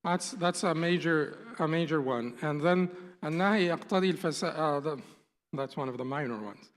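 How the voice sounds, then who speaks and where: A man's voice: fairly high pitch, fast talker, long reverb tail. A male instructor giving a classroom lecture, explaining patiently and restating his points. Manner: patient, explanatory, often rephrases and restates terms.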